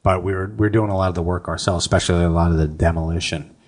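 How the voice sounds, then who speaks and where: Middle-aged dude on a podcast, real low voice, rambly storytelling, swears here and there. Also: male voice, steady tone, rapid-fire. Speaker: podcast co-host. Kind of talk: casual chat.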